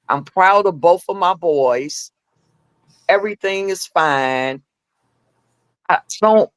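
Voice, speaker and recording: A middle-aged woman telling candid personal stories as a podcast guest. She acts out the dialogue in her stories with lively voices. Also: low-pitched, no room sound. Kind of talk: candid storytelling chat.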